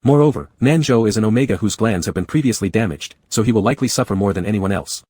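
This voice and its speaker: A man giving an even, unhurried scripted narration of a romance story. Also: fairly low pitch, breathy edge, no room sound.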